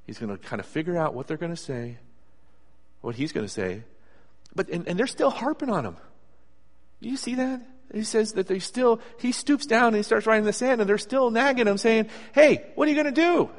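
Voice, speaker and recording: A man preaching a sermon in a conversational, animated storytelling way, acting out asides as he goes. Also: high voice, fairly quick. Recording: long hall reverb.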